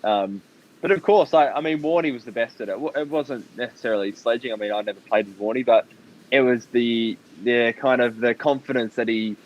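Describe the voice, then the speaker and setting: Australian guy in his 20s, laid-back interview guest, muffled lo-fi line. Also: medium pitch. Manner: relaxed, measured, with many fillers. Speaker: guest athlete. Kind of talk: casual podcast interview.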